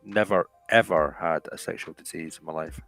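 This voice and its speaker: Gravelly-voiced joking man guest. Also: very deep voice, fairly even intonation, normal speed, fairly bright tone, faint music behind. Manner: jokey, rambling and self-mocking. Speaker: show guest. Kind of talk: casual chat.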